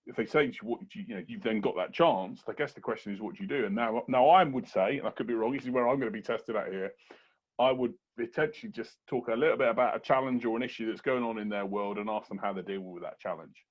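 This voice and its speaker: Male podcast host, rapid and breathy, muffled lo-fi sound. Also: on the low side. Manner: rapid, enthusiastic, repeats words when starting sentences. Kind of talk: casual interview chat. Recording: muffled lo-fi audio.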